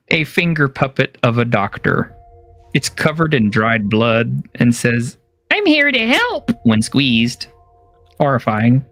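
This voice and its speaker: A man running a tabletop game on a stream as game master, casual and chuckling, with halting fillers. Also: medium pitch, fairly bright tone, no room sound, soft background music.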